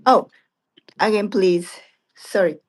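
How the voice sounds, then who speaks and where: A woman practices English conversation, speaking in halting, hesitant phrases. She often asks for things to be repeated and fills gaps with short agreeing sounds. Her voice sits at an ordinary middle pitch. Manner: hesitant, halting, frequent backchannels. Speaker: English learner.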